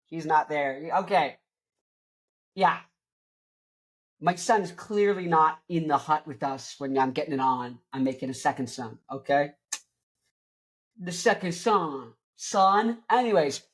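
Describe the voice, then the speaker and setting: A woman podcast host telling a rambling, absurd comic story, often stopping to correct herself and drift onto side points. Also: rumbling low. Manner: tangential, self-correcting, jokey absurd riffing.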